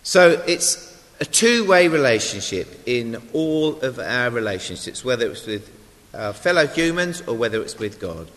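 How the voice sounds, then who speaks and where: A lay preacher with a medium-pitched, slightly bright voice delivers an informal sermon a little slowly, his pitch swinging widely. He's chatty and self-deprecating, tossing asides to the congregation, with long hall reverb on the recording.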